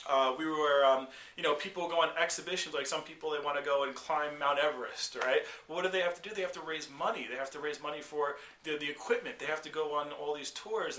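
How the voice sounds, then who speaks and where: A man delivers a motivational sales lesson in a forceful, bright voice that sits a little high. He keeps asking "okay?" and "all right?" and acts out quick scenes with customers. The room around him is echoey. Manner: energetic, repetitive, frequent "okay?" and "all right?" check-ins. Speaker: sales trainer.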